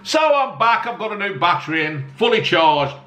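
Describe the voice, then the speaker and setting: A man talks through a beer tasting in a blunt, foul-mouthed, joking way. His bright, fairly high voice swings up and down a lot. The sound carries a roomy echo. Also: sing-song, normal speed, a little hiss or hum. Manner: blunt, heavy swearing, jokey self-mocking asides. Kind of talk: casual beer review to camera. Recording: echoey room with faint ambience.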